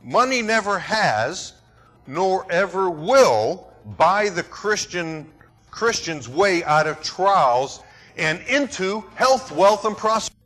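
A man preaching from the pulpit with a high, lively voice that swoops up and down. He talks slowly and drags out his phrases for effect. Faint music plays behind him. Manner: dramatic, rhetorical, mimics voices. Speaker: pastor. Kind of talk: sermon.

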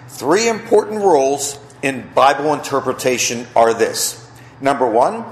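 A pastor preaching a sermon, posing questions to the congregation and answering them himself. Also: male voice, a little high. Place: church sanctuary. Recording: echoey church room.

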